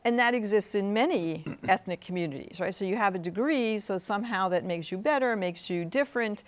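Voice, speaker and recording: A woman's voice: medium pitch, a little fast. A woman academic talking as a guest on a studio interview program. Her voice sits in the middle range. She argues her points earnestly and keeps asking "right?" to draw her listener in. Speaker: guest professor.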